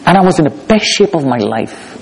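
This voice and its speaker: A man with a high voice recounts his own survival as spoken testimony. He talks emphatically, repeating key words, and swings between hushed passages and forceful ones. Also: very animated, fairly quick, gravelly, a little hiss or hum, rough recording. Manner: emphatic, repeats phrases for effect. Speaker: survivor telling his story.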